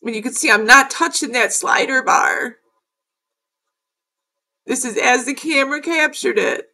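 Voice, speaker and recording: A woman's voice: high voice, a little slow, gravelly, bright, forceful tone. A middle-aged woman narrating her own footage in a casual vlog. She talks in a rambling, emphatic way and curses often. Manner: rambling and emphatic, with frequent cursing. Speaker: video creator.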